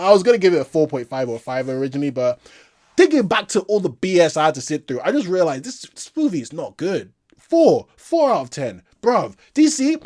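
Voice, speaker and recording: Animated, exasperated solo movie reviewer. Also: mid-range voice. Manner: exasperated, repetitive, quick to laugh. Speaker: movie reviewer, channel host. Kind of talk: casual solo video review.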